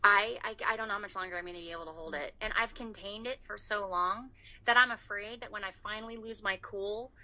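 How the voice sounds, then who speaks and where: A woman's voice: medium pitch, a little fast, sharp tone, low-quality recording. A woman in her thirties in casual chat, telling a story with animation and swearing freely.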